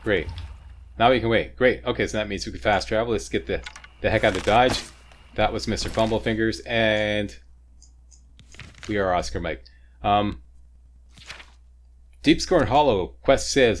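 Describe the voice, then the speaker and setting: A man's voice: fairly low pitch, moderate pace, pauses often. A man hosting a video game walkthrough, chatty and joking as he explains each step. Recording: faint ambient noise, sirens nearby.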